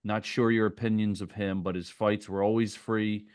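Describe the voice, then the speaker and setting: A man's voice: fairly low pitch, little pitch movement, moderate pace, darkish tone, no room sound, studio quality. A man co-hosting a podcast, reading listener mail aloud and chatting casually.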